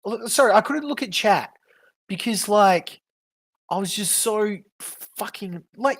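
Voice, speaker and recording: A woman talks on a casual reaction stream in a slow, husky voice that leaps up and down in pitch. She rants with angry profanity, irate and exasperated. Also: animated. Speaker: livestreamer.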